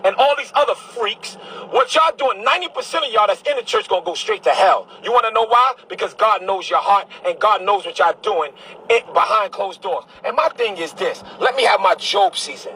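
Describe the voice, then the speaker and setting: A bishop delivers a heated monologue straight to camera. This man's voice sits high and rings bright and forceful. He is combative and preachy, and he hammers the same phrases again and again. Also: lively intonation, fairly quick, a little hiss or hum, poor audio. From Brooklyn, New York.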